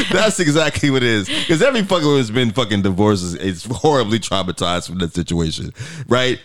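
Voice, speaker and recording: A man's voice: mid-range voice, very animated, a little fast, fairly bright tone. A man co-hosting a podcast, telling stories in a casual, profane way and acting out quoted voices. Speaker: podcast co-host.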